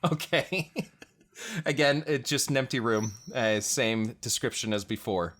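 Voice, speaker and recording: A man's voice: medium pitch, unhurried, fairly bright tone. A man narrating a tabletop game as game master, describing scenes plainly.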